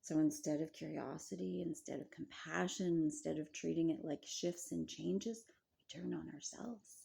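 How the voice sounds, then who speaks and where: A middle-aged woman, a wellness coach, talking reflectively to camera in a gentle, measured way with frequent rhetorical questions. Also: low-pitched, gravelly, breathy edge.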